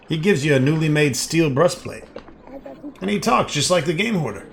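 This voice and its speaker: A man's voice: fairly high pitch, lively intonation, normal speed, gravelly, noisy background. Crude, sarcastic man reading game text. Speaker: let's play host. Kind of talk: game playthrough commentary and reading.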